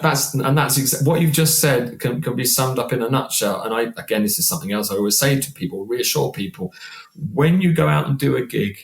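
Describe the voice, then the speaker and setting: A man in his sixties, a singer guesting on a podcast, talking in an animated, chatty way and often repeating words. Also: medium pitch. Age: 60s. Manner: animated, chatty, repeats words while acting out quoted voices. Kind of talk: casual podcast conversation. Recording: roomy echo.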